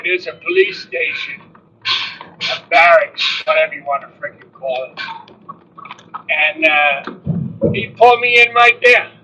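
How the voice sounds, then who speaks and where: A man with a high, bright voice tells an animated, swear-laden story from his trucking days. He sounds a little distant from the mic, with dull, lo-fi audio and a faint hum of a vehicle behind him. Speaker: truck driver vlogger. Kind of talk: casual storytelling livestream.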